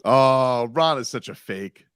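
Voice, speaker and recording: A man's voice: medium pitch, expressive, slow, fairly bright tone, clean tone, no echo. A man hosting a sports radio show from a studio, upbeat and playful as he jokes with his co-hosts. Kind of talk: casual sports radio banter.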